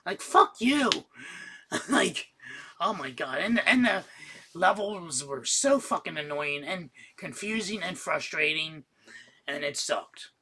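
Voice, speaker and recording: A man's voice: fairly high pitch, unhurried, slightly rough. A man casually reviewing the games he finished, swearing freely and getting worked up in rants. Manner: casual, profane, excitable rants. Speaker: gaming YouTuber. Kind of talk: casual game roundup.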